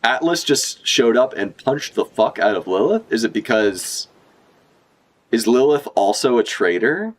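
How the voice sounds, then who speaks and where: Swearing dude reacting to manga on stream, mid voice, bouncing all over the place. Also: male voice, medium pitch, unhurried. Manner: profane, excitable, rambling asides. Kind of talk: casual manga read-along commentary.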